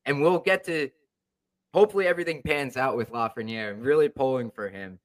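A man's voice: mid-range voice, fairly quick. A man co-hosting a podcast, talking casually in an easygoing, rambling way. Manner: easygoing, rambling, restarts sentences. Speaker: podcast co-host. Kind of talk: casual chat.

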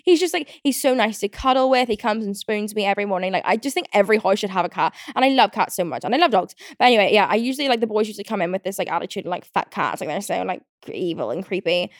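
A woman's voice: mid-range voice, lively intonation, very fast, hardly any pauses, no echo, clean studio sound. A young British woman hosting a podcast, chatting casually and ranting in a riled-up way, with lots of fillers, swearing and frequent laughter. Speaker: podcast host. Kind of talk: casual chat.

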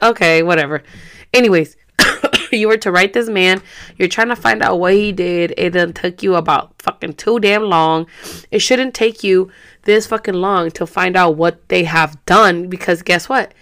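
A woman's voice: lowish voice, moderate pace, a bit bright. A woman in her thirties ranting to her viewers in a casual vlog, frustrated and profane, slipping in Spanish words. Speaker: vlogger.

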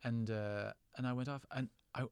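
A man's voice: medium pitch, fairly even intonation, moderate pace, creaky, clean tone, dry recording. An Irish man, a guest actor and writer, telling rambling, wry, self-deprecating stories in a casual interview. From Ireland.

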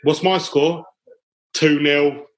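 A man's voice: fairly high pitch, steady tone, slow pace. A man hosting a casual football podcast over a call, jokey and full of banter and fillers. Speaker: podcast host. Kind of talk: casual chat. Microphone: call recording.

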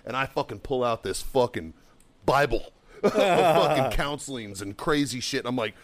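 A middle-aged man and former Marine telling a heated, heavily profane story on a podcast, now and then yelling as he acts out what was said. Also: mid-range voice, expressive, fairly quick. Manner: bursts into loud yelling while acting out quotes. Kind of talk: casual chat, storytelling.

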